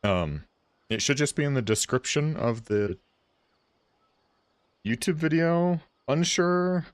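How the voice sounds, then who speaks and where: A man's voice: fairly high pitch, animated, slow, clean tone, no room sound. A man streaming a game, chatting casually and rambling with his viewers. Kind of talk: casual livestream chat.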